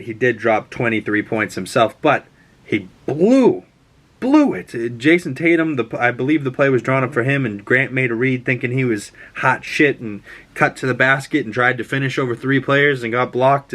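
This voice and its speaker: A man's voice: medium pitch, a bit bright. A man hosting a casual chat show, rambling and swearing freely, with frequent restarts. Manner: rambling, profane, stop-start. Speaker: podcast host.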